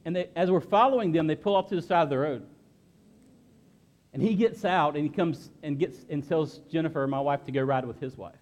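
A middle-aged man gives a sermon, sharing his own story in an earnest, halting way with many restarts and repeated phrases. His voice sits a little higher than most men's. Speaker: pastor. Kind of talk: sermon with personal testimony.

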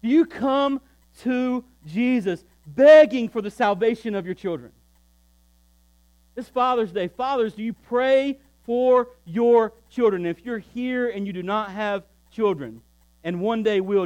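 A male pastor delivers an emphatic sermon, moving between loud preaching and quiet, low asides. He speaks a little slowly, and the recording is rough.

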